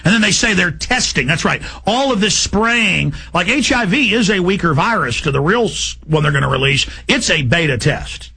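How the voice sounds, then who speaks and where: Excitable male radio host, gravelly and bright, fast heated delivery that breaks into shouts. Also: sits high. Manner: agitated, fast, shouting bursts. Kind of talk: heated talk radio rant.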